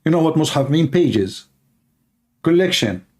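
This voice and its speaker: A man hosting a live call-in debate stream, mocking and combative in manner, his voice hoarse and tired with occasional coughs. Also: on the high side, expressive, unhurried, a little mellow. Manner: mocking, combative, repeats points rhetorically. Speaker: livestream host debating callers.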